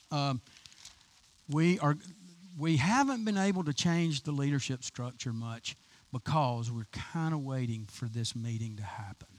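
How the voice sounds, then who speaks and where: A man preaching an informal, chatty sermon to his congregation as their pastor, enthusiastic and full of restarts. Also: fairly high pitch. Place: church sanctuary.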